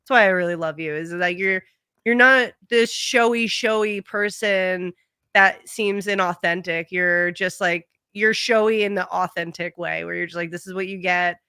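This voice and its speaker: A woman's voice: fairly low pitch, fairly even intonation, moderate pace, sharp tone, clear, resonant tone, no echo, studio quality. A young woman guesting on a stream, chatting casually, effusive and profane, often laughing. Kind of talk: casual chat.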